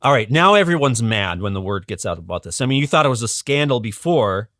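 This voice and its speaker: Animated storytelling man, dry close sound. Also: mid-range voice, quick pace, no echo. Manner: animated, chuckling, many restarts. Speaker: guest educator. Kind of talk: casual storytelling on a podcast.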